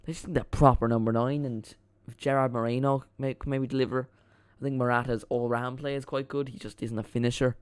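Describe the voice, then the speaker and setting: A man's voice: medium pitch, little pitch movement, a little fast, few pauses, clear, resonant tone. Chatty man streaming a football watchalong. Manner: rambling, chatty, reacts to chat and match. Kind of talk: casual live-stream chat.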